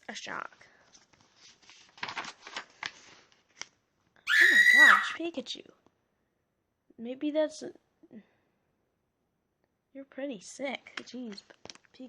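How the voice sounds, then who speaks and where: Woman storybook reader, high, slow, chatty asides. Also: fairly bright tone, slight background noise.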